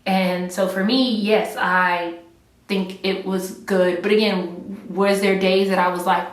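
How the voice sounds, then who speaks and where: A woman's voice: medium pitch, level tone, takes it slowly. A woman chatting casually while doing her makeup, rambling and filling her talk with "like" and "right.". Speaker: beauty vlogger. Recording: echoey room, mic at a distance.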